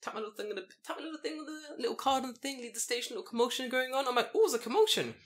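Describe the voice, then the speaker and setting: A man hosting a podcast, telling a story in an excitable, profane, animated way. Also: extremely high pitch, racing. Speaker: podcast host. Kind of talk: casual chat, storytelling.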